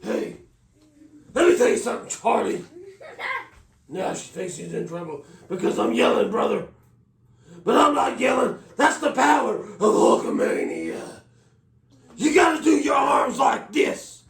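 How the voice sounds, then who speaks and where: A man putting on a loud, pumped-up wrestler impression, shouting catchphrases and calling everyone brother, in a roomy off-mic recording. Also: very high voice, animated, unhurried, vocal fry, long pauses, recorded from a distance, voice pushed up, full character voice.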